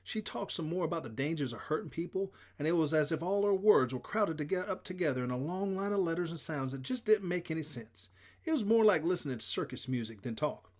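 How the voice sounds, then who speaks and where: A man reading a children's novel aloud in plain, steady first-person narration. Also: on the high side, fairly quick. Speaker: audiobook reader.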